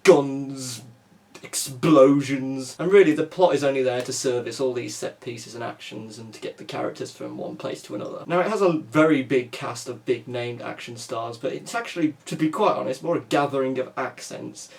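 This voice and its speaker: A man's voice: medium pitch, brisk, vocal fry, few pauses, darkish tone. Chatty man reviewing a film. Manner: chatty, lots of you-knows and restarts. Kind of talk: casual spoken film review.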